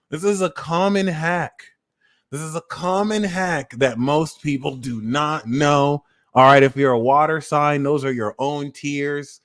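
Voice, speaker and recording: An unhurried man with a fairly high voice runs an astrology livestream, delivering casual comedic rants that are lively, slangy and laced with profanity while he laughs at his own jokes.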